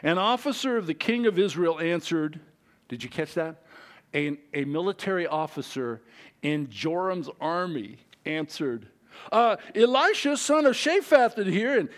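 Man, pastor, lively sermon delivery, slightly higher voice, big pitch swings. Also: a little slow. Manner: lively, conversational preaching with wide swings in pitch and loudness.

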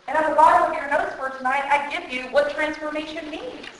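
A woman's voice: high-pitched, fairly quick. A woman preaching at a women's conference, earnest and emotional, speaking straight to her audience through a microphone. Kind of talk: sermon. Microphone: handheld microphone. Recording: very echoey hall.

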